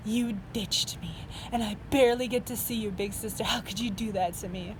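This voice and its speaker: A woman's voice: mid-range voice, fairly quick, background noise, close to an everyday voice. Woman putting on a pouty little sister. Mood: whiny. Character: pouty little girl, clingy younger sister.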